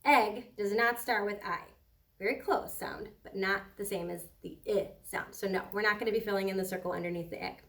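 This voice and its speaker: A woman teaching a recorded kindergarten phonics lesson, talking slowly and patiently and drawing words out so children can hear the sounds. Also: medium pitch, fairly bright tone, distant mic.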